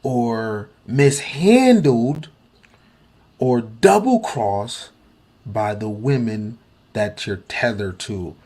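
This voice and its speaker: A man in a played clip speaking in a deliberate, lecturing monologue. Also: mid-range voice, animated, darkish tone. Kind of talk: measured monologue.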